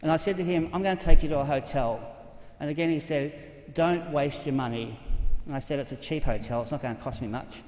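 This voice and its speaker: A man's voice: a little high, brisk, darkish tone. An older Australian man, a Catholic priest, telling stories in an earnest, conversational way. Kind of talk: storytelling talk. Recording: echoey hall reverb.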